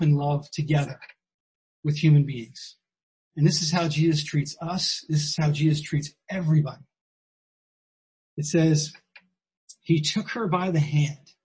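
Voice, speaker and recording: A man's voice: fairly high pitch, darkish tone, breathy edge, rough recording. A man preaching a sermon in a conversational, emphatic way, repeating his key phrases.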